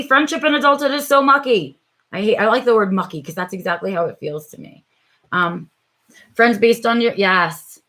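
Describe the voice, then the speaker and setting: Talking with her live-stream viewers, this middle-aged vlog host has a mid-range, slightly bright voice. Her manner is thoughtful and halting, with frequent "um"s and "right?"s.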